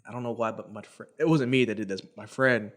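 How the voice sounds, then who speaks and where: A man's voice: fairly low pitch, quick pace. A young adult man co-hosting a casual podcast chat, telling stories about his childhood and mimicking the voices of people in them. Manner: storytelling, quotes people in a raised voice. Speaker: podcast co-host.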